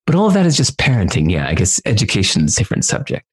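A man's voice: fairly low pitch, huge pitch swings, very fast, husky. A man chatting casually as an interview guest, telling stories about his son in a rambling way full of "like". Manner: rambling, many "like" fillers. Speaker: guest parent. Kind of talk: casual conversational storytelling.

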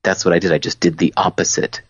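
A man, a guest on a podcast, telling stories in a relaxed, expressive way. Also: low-pitched, fast talker, breathy edge, no room sound. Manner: animated storyteller, expressive. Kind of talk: casual podcast conversation. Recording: dull lo-fi, dry sound.

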